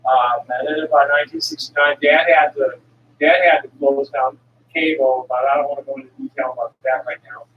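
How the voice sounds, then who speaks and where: Here a traveling herbal remedy seller, a woman in her sixties, talks with an extremely low, steady voice and a brisk delivery. The sound is phone-quality with background noise, captured from afar in an echoey room with a faint ambient hum. Bluntly and occasionally profanely, she wanders through a digressive monologue, restarting often and cursing here and there.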